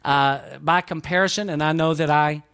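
Southern male pastor, high tenor, emphatic pulpit delivery that rises and drops. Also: fairly even intonation, normal speed, clean tone. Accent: Southern American. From Southern United States. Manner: emphatic preaching, swinging between raised exhortation and quiet asides. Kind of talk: sermon. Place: church sanctuary.

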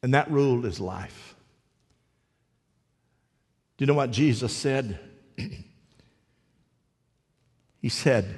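A man preaching a sermon as pastor, telling a story with halting restarts and acting out a child's voice. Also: medium pitch, darkish tone, husky, big-room sound. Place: church.

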